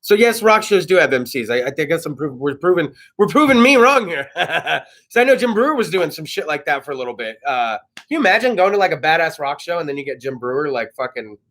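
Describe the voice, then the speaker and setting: A man's voice: on the high side, sing-song, fast, a bit bright. A man in his thirties from California hosting a casual talk show, rambling and profane. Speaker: host. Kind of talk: casual monologue. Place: studio.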